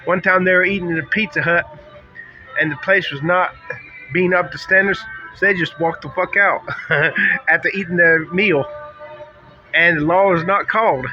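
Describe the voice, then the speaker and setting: A middle-aged man in a rambling, bitter vlog monologue, talking in halting bursts with frequent restarts. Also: high voice, steady tone. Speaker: vlogger. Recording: dull lo-fi sound with faint music.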